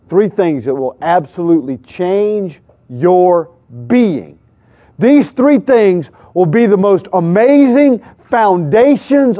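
A man preaching a sermon full of stories, emphatic and swinging from hushed lines to shouted peaks. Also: high voice. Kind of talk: sermon with storytelling. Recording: dull lo-fi sound.

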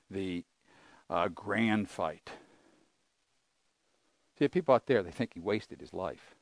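A man's voice: fairly low pitch, darkish tone, no echo. An older man preaching a sermon, earnest and conversational, asking his listeners rhetorical questions. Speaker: pastor.

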